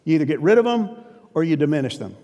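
A man's voice: on the high side, very animated, fast, warm tone. A male pastor preaching a sermon in an earnest, emphatic, conversational way. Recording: long reverb of a big hall.

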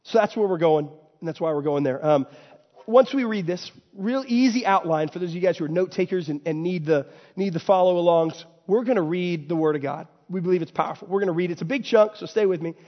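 Guy with a high voice telling a story in a sermon, gets loud and excited, big echoey church hall. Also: fast talker. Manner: animated storyteller, builds to loud excited bursts. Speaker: pastor. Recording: dull sound with long hall reverb.

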